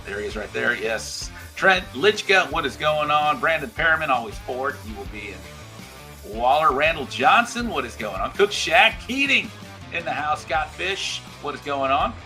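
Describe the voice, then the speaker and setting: A man hosting a livestream show, chatting casually and reading out viewer shout-outs. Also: fairly high pitch, sing-song, soft background music. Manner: reads out viewer names in quick shout-outs.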